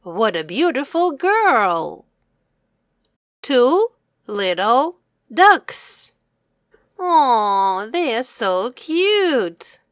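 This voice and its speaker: Teaching a child to read English, a woman speaks in a slightly high, sing-song voice, pronouncing words slowly and clearly and repeating them. The sound is dry and clean, like a studio.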